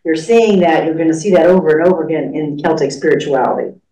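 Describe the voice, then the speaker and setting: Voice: medium pitch, quick pace, warm tone. A class leader teaching a church study class, talking in a conversational, rambling way with fillers. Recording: echoey room, far from mic.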